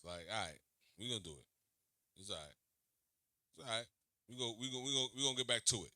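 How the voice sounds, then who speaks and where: A man hosting a reaction video, talking back to an interview clip in a slangy, animated way and repeating himself. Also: medium pitch, fast, pauses often, no echo, studio quality. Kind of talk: reaction commentary.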